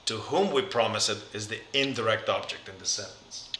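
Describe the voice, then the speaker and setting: A man's voice: fairly low pitch, brisk, bright, forceful tone. A middle-aged man teaching a recorded lesson, patient and careful, spelling out each form one by one. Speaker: Spanish teacher. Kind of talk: recorded classroom lecture. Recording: echoey room, faint background noise.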